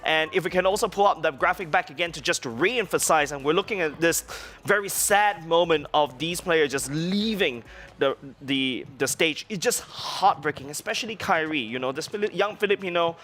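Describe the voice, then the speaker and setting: A man's voice: fairly high pitch, animated, normal speed, fairly bright tone, a little hiss or hum. Enthusiastic, rambling male analyst. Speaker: studio analyst guest. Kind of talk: esports analysis.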